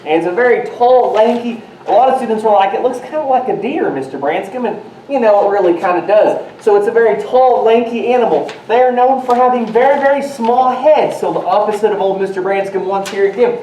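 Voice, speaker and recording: A man's voice: high-pitched, fairly quick, mellow, close to an everyday voice. A man playing a folksy, rambling presenter explaining a sheep breed. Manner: folksy, rambling, shuffling notes. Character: folksy male presenter back from travels. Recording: roomy, distant mic, faint noise.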